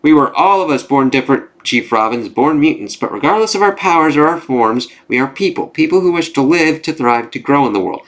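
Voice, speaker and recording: A man's voice: a little high, animated, fairly quick, hardly any pauses, a bit bright. A man voicing a formal, courteous male mutant scientist who speaks politely and at length.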